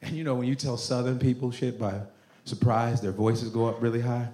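A man from Nigeria doing an animated, profane stand-up set on a comedy club stage, often laughing. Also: mid-range voice, fairly quick, echoey room.

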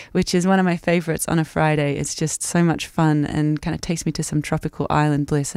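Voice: medium pitch, gravelly, a little mellow, smooth, no room sound, studio quality. A radio presenter chatting casually and enthusiastically between music tracks, with plenty of ums and uhs. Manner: chatty and enthusiastic, with many fillers. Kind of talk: community radio music show chat.

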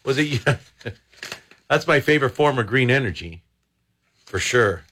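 A man's voice: medium pitch, expressive, a little slow, fairly bright tone, a little hiss or hum. A man hosts a radio talk show, chatting loosely and tossing off sarcastic asides. He sits close to a studio microphone and keeps the commentary casual.

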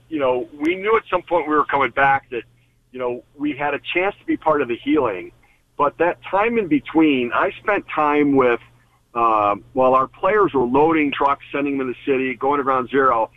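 A man's voice: mid-range voice, no echo. Radio guest, male, earnest storyteller, restarts often, phone-line sound, dry. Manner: earnest, restarts and repeats words. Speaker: guest, former team executive. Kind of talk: storytelling in an interview.

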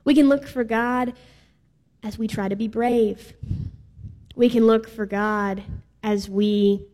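A woman's voice: on the high side, fairly even intonation, slow pace, warm tone. A woman preaching a sermon in a casual, playful way with some filler words. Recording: reverberant hall.

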